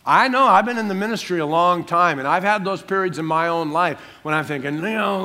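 Older male pastor, lively sermon delivery, higher-than-usual voice, humorous acted quotes. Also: brisk, few pauses. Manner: animated, acts out quotes, jokey asides.

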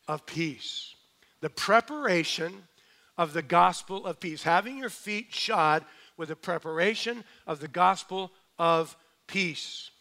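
A middle-aged male pastor preaching a sermon, building to emphatic points and then dropping soft and low.

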